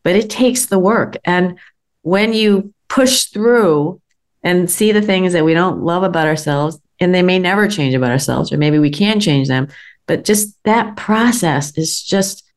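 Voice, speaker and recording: Lady podcast host thinking out loud, lowish voice, lots of you knows. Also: measured pace. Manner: thoughtful, searching for words, many fillers. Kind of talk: reflective interview chat.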